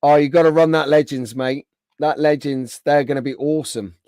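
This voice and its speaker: A chatty man hosting a live stream with a rough throat, clearing it often as he answers viewers by name. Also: a little high, steady tone, brisk, darkish tone, dry recording, studio quality. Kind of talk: casual live stream chat.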